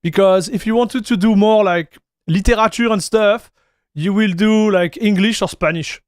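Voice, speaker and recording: High-voiced Frenchman chatting on stream. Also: normal speed, no room sound, studio quality. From France. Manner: laid-back, says "dude" a lot, reads chat aloud. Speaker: tech streamer. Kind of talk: casual live-stream chat.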